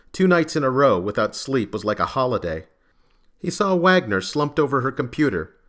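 A man narrating a thriller audiobook in a measured, steady storytelling manner. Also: medium pitch.

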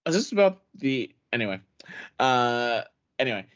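A man's voice: mid-range voice, big pitch swings, moderate pace, a bit bright. A man hosting a podcast in casual chat, blunt and full of hesitant fillers. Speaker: podcast host. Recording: dull lo-fi podcast audio.

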